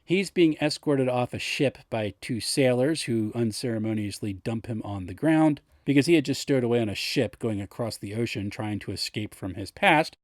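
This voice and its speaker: A man's voice: medium pitch, normal speed, hardly any pauses, no room sound, clean studio sound. A man, the game master, animatedly recounting a tabletop game session and acting out voices. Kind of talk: storytelling recap of a tabletop game.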